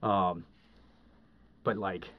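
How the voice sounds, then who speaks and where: A man with a fairly low voice tells a long story as a podcast guest, wandering through it with lots of "uh" and "like" and frequent restarts. The recording is dull and lo-fi, with the highs rolled off. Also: fairly even intonation, very slow. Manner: rambling, heavy with fillers and restarts. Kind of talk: casual storytelling.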